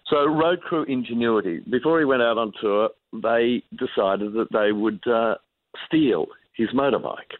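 A man, an author being interviewed, tells stories in an animated way and often restarts his sentences. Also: mid-range voice, measured pace, no room sound. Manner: animated, acts out quoted voices, many restarts. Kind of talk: anecdotal storytelling. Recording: tinny dry phone line.

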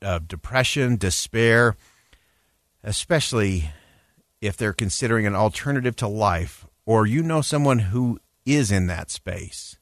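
A man giving an earnest public address on a news broadcast, measured and emphatic, with frequent "uh" fillers. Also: lowish voice, no room sound, clean studio sound.

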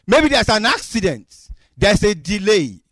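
A man preaching a sermon, acting out dialogue with God in an expressive way. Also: sits high, measured pace, dry recording.

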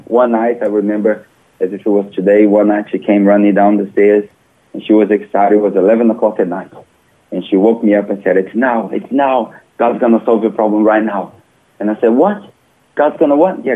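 Guest: man, low-ish voice, phone-line sound, earnest storyteller. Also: breathy edge. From Brazil. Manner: earnest, animated retelling with small grammar slips. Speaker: interview guest. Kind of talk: personal testimony storytelling.

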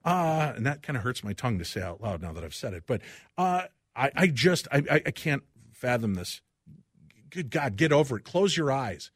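Impassioned husky-voiced radio host man. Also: mid-range voice, big pitch swings, moderate pace, no room sound, clean studio sound. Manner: impassioned, swings from loud outbursts to quiet reflection. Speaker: radio talk show host. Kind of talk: talk radio commentary. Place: radio studio. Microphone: studio microphone.

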